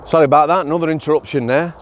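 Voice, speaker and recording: A man's voice: on the high side, fairly even intonation, rapid-fire, slight background noise. Chatty Yorkshire man, blunt storyteller. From Yorkshire, England. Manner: chatty, blunt, tag questions like "yeah?". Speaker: former prison officer vlogger. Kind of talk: casual storytelling vlog.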